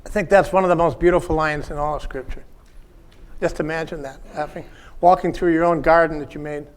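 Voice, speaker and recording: A man who works as a pastoral counselor, giving a reflective workshop talk in short, measured phrases. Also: a little high, steady tone.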